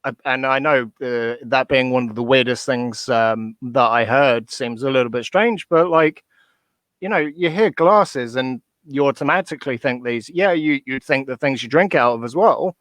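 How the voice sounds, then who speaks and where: A man's voice: mid-range voice, normal speed, a bit bright, no room sound. A man who is a guest on a podcast, chatting casually, hesitant and restarting his sentences, chuckling between points. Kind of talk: casual chat.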